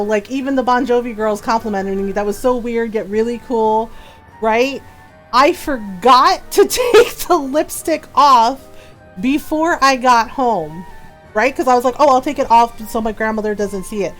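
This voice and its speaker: A middle-aged woman, a gaming streamer, telling a story in casual chat, animated, laughing often and asking "right?" a lot. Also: high-pitched. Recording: faint music behind.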